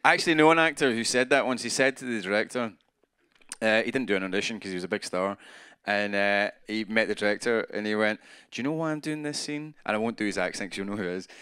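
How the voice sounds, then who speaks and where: A man's voice: fairly low pitch, steady tone, quick pace, sharp tone, smooth, no room sound, clean studio sound. A man, a guest actor, telling rambling, self-deprecating stories in casual interview chat with plenty of fillers. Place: live event after a film screening.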